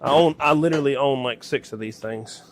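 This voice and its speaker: This man, speaking with a Southern US accent, casually narrates his workshop work at a fairly quick clip in a mid-range voice. Heavy background noise fills the recording.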